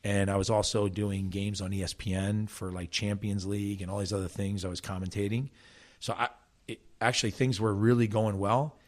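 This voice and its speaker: A man's voice: fairly low pitch, brisk. A middle-aged man from South Jersey, a soccer coach, telling stories in a casual interview with frequent restarts. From South Jersey, USA. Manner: animated storyteller, frequent restarts. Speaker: soccer coach and former player, guest.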